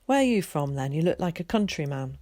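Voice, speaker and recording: A woman's voice: low voice, sing-song, warm tone, no room sound. A woman voicing a breezy, polite older air-raid warden. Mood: friendly. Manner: brisk, friendly, polite.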